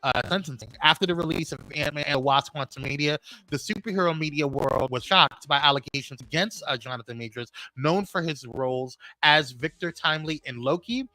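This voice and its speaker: A man's voice: on the high side, fairly quick, dry recording, poor audio. A man with a New York accent co-hosting a live show, chatting casually, greeting viewers and reading out news. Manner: animated, shouts out viewers by name. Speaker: podcast co-host.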